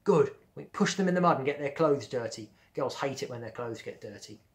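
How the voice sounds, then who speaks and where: A man's voice: medium pitch, lively intonation, a little fast, close to an everyday voice. A man reading a storybook aloud, voicing a bossy boy who blusters and acts tough. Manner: bossy and blustering, shouting when angry.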